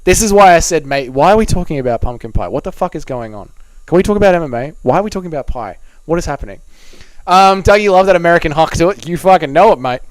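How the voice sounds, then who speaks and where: A man's voice: on the high side, expressive, quick pace, dry recording. A young Australian man reading out and answering chat messages on a live stream, swearing and bantering in a blokey way.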